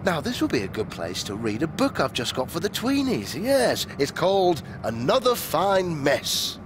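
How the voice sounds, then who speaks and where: A man presenting a children's show, reading a storybook aloud in an expressive, animated way. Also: on the high side, moderate pace, background noise.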